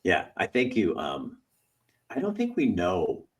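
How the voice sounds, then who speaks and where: A middle-aged man hosting a casual conversation, an animated storyteller who acts out voices and laughs often. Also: deep voice, measured pace, far from the mic. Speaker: host.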